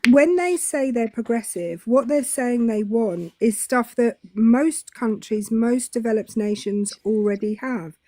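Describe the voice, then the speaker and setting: A woman co-hosts a casual live stream and tells her jokes deadpan, with plenty of ums and false starts. Her voice sits fairly high. The sound is dry and close to the mic. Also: unhurried, few pauses, no echo. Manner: deadpan joking, hesitant fillers.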